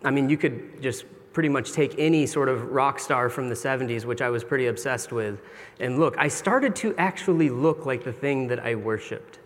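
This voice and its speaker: A middle-aged man preaches with earnest, confessional candor, talking to his congregation as if in conversation. His voice sits at an ordinary male pitch. It rings out with the long reverb of a large church sanctuary. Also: moderate pace. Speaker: pastor. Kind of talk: sermon.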